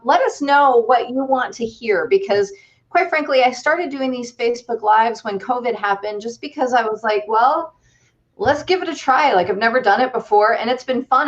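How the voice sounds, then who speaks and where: A woman's voice: fairly high pitch, muffled recording. Upbeat woman hosting a livestream chat. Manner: chatty, upbeat, thinks aloud with fillers. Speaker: host.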